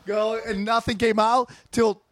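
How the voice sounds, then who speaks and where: High-voiced man telling profane stories. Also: no room sound. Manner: rapid, profane, animated storytelling with acted-out quotes. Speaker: comedian guest. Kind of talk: casual podcast chat, storytelling.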